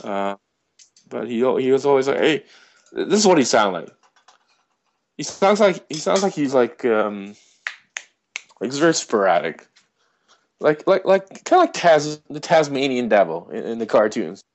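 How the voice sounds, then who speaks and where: A man telling a rambling, animated anecdote in casual chat, full of fillers and restarts. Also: mid-range voice, moderate pace, long pauses.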